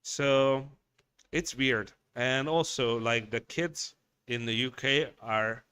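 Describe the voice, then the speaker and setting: Speaking slowly in a medium-pitched voice that's sharp, clear and resonant, a man from Hungary with a Hungarian accent hosts a craft shop livestream from his workshop. He chats bluntly and rants, swearing a lot and rambling through many restarts.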